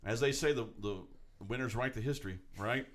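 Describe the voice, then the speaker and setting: Man, casual chat, rambling, animated, stumbles and restarts. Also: medium pitch, brisk. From Tennessee. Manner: rambling, animated, puts on voices. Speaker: podcast co-host.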